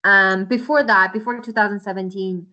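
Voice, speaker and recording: A woman's voice: medium pitch, steady tone, moderate pace, pushed and bright. Impassioned woman guest, muffled audio. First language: Uyghur. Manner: impassioned, with many restarts and fillers. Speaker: interview guest. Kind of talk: earnest interview answers.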